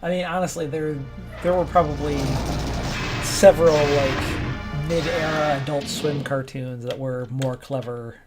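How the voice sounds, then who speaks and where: A man's voice: a little high, steady tone, a little slow, loud music behind the voice. Sarcastic man hosting a game playthrough. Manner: sarcastic, joking. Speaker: host. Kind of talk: casual let's-play chat.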